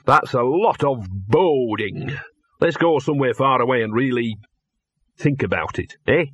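A man's voice: medium pitch, lively intonation, a little slow, husky, no room sound, muffled recording. A man voicing a streetwise talking mongrel dog who is gloomy and sardonic and speaks in a blunt, slangy, grumbling way. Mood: ominous.

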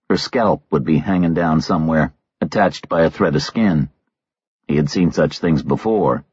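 Man, low husky voice, audiobook narration, measured terse delivery, dry slightly dull sound. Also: no echo.

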